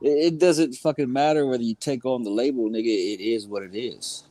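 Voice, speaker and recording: A man speaking as a guest on a livestream panel, relaxed and rambling, full of fillers. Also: medium pitch, fairly quick, no room sound. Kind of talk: casual chat.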